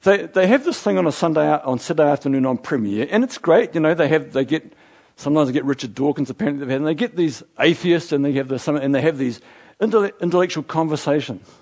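A middle-aged man from New Zealand, a pastor preaching a sermon, building from quiet reflection to fervent exclamations. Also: on the high side, expressive, fast. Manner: impassioned, rising to fervent exclamations.

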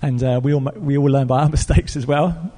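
An Englishman preaching a sermon, telling a story in an earnest, animated way with fillers and restarts. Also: fairly high pitch, brisk. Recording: long reverb of a church hall.

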